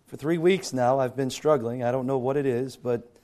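A male pastor preaching a sermon with a hoarse, strained voice that keeps cracking, clearing his throat and restarting words often. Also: mid-range voice, normal speed, a little mellow.

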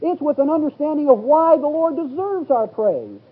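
A man's voice: very high-pitched, animated, normal speed. A man preaching a Bible teaching sermon, reading scripture aloud and explaining it verse by verse. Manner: reads scripture in King James wording, rising to exclaim. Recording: phone-like, lo-fi sermon recording.

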